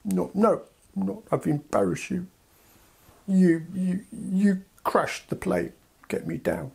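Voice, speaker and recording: A man's voice: high voice, slow pace, vocal fry, darkish tone, husky, voice pushed up, heavily acted. A man doing a whiny, sulky child country. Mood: sulky whining. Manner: whiny, repetitive, broken baby talk. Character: sulky stubborn childish country, whining and refusing.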